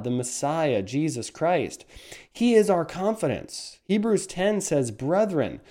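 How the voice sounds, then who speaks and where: A man's voice: a little high, warm tone. A man preaching a sermon in an earnest, emphatic way, often restarting his phrases.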